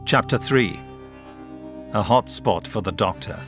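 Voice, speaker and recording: A man reading an audiobook in scripted narration, measured and even. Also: on the low side, faint music behind.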